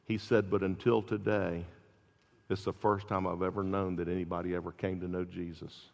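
Gravelly preacher in a large echoing hall. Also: male voice, low voice, moderate pace. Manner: animated storytelling, builds to loud peaks then drops soft. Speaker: pastor. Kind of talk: sermon. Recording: dull lo-fi recording in a large reverberant hall.

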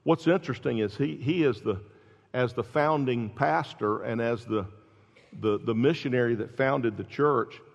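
In a hall with long reverb and a dull sound, a man preaches at normal speed with vocal fry. He explains scripture emphatically, rising in pitch and volume at the key points.

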